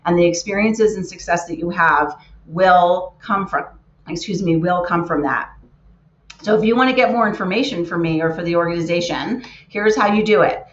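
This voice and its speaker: Earnest lady giving a keynote, kinda low voice, echoey room, muffled audio. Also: normal speed. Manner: earnest, emphatic with repeated words. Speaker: keynote speaker. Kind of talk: motivational talk. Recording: roomy, muffled lo-fi sound.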